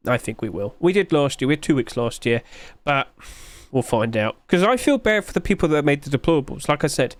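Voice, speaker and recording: A man's voice: on the high side, no room sound. A man hosting a gaming video, talking casually and chattily, chuckling at himself as he rambles.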